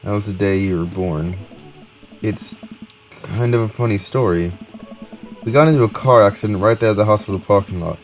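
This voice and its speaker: A man's voice: lowish voice, moderate pace, pauses often, faint music behind, lightly acted, low-quality recording. A man voicing a goofy middle-aged single dad in a dating game, reading his lines with teasing dad jokes. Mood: wistful. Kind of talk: game dialogue read aloud.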